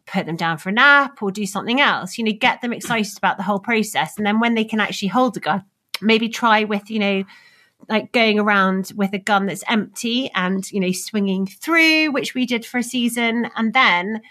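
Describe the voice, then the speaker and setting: Bright, excitable woman telling stories. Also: mid-range voice, normal speed. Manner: lively, excitable storytelling with laughter. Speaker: podcast guest. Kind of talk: casual chat.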